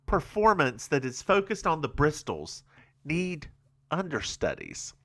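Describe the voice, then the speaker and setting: Bright, lively, slow-talking male podcast host. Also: on the high side. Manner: campy, giggly, recounts scenes with quoted bits. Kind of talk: casual chat recapping a TV episode.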